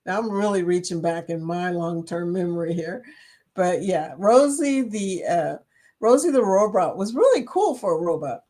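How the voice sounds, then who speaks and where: A woman's voice: lowish voice, animated, normal speed, mellow. Chatty woman hosting a live stream. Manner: chatty, laughs often, teasing. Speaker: livestream host. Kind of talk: casual chat reading viewer comments.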